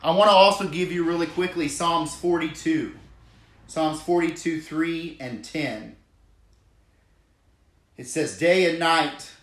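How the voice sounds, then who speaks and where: Pastor, male, fairly high voice, unhurried earnest delivery, echoey church hall. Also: fairly bright tone. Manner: earnest, emphatic, drawn-out preaching cadence. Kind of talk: sermon. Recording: echoey room.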